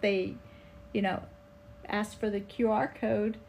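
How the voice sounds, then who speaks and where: A woman co-hosting a casual podcast, filling in details with brief, matter-of-fact, unhurried remarks. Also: mid-range voice, level tone, vocal fry, darkish tone, a little hiss or hum. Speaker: podcast co-host. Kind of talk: casual travel recap chat.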